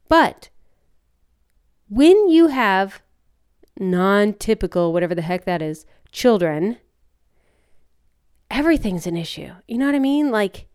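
A woman's voice: mid-range voice, clear, resonant tone. A woman in her forties chatting frankly and animatedly about raising her kids. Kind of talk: casual chat.

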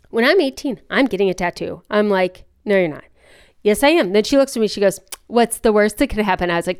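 A woman's voice: mid-range voice, clear, resonant tone. A woman in her forties chatting frankly and animatedly about raising her kids. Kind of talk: casual chat.

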